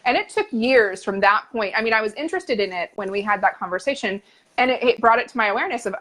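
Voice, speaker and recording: A woman's voice: a little high, animated, fast, a bit bright, rough recording. Earnest woman hosting a podcast. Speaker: podcast host. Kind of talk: casual conversation.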